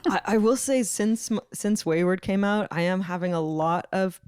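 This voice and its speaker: A co-host on a comedy podcast who talks in a chatty, earnest way and laughs often. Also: female voice, mid-range voice, normal speed, a little mellow, clear, resonant tone, no room sound, clean studio sound. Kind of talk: casual comedic chat.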